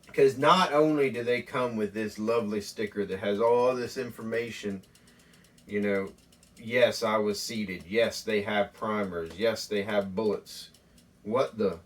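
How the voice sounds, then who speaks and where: Slow-talking folksy male host. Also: lowish voice, far from the mic. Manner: folksy, deadpan, rambling. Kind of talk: mock home tutorial comedy.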